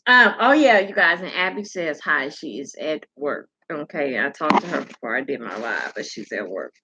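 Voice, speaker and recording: A woman's voice: sits low, expressive, moderate pace, highs cut off, heavy background noise. A woman hosting a casual livestream, ranting bluntly and with profanity while greeting viewers. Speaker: livestream host.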